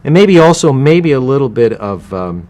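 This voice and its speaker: A man's voice: mid-range voice, big pitch swings, moderate pace, a little mellow. A man from the United States, a voice actor being interviewed, rambling with many restarts and slipping now and then into character voices. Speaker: guest voice actor. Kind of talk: casual interview.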